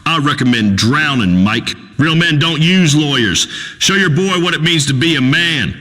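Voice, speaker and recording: A crude, pompous radio host, booming through a long hall reverb. His voice rides high and bright, swinging up and down as he blusters in folksy broken grammar. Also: animated, normal speed. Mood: boastful. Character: crude redneck male talk radio host. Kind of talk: comedic radio talk show acting.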